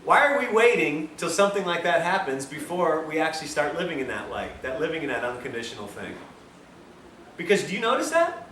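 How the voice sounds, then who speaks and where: A man giving a health lecture, telling a story with a lively, self-mocking manner to a room of listeners. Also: fairly high pitch, fairly quick. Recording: roomy, distant mic, faint hiss.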